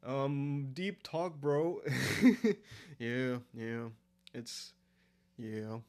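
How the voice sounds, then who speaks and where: A man's voice: medium pitch, lively intonation, very slow, a little mellow, clear, resonant tone. Guy in his 20s rambling on his stream, um and like everywhere, regular mid voice. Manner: rambling, filler-heavy, answers chat aloud. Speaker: live streamer. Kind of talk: casual late-night stream chat.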